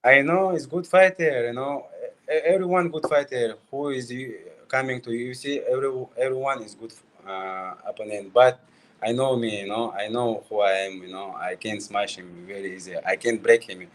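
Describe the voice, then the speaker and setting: A man's voice: mid-range voice, steady tone, normal speed, fairly bright tone. A man, not a native English speaker, answers interview questions in short broken phrases, often saying "you know". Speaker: guest fighter.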